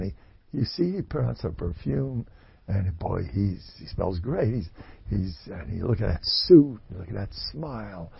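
A man with a gravelly, husky voice gives an informal Torah class, rambling and joking as he drops Hebrew and Yiddish terms into his talk. The sound is dry and dull, like a lo-fi recording. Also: mid-range voice, no room sound. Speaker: Torah teacher.

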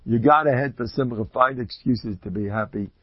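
A man giving an informal religious talk to an audience. He tells stories in an animated way, leaps up in pitch for emphasis and adds joking, self-deprecating asides. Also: moderate pace, muffled recording, slight background noise. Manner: animated storytelling, jumps high in pitch for emphasis.

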